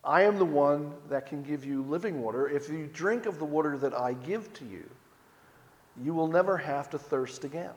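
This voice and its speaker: A man voicing Jesus in a sermon, speaking gently, softly and affirmingly. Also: fairly high pitch, moderate pace, in a large hall, close to an everyday voice. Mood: gentle. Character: gentle, calm divine Jesus.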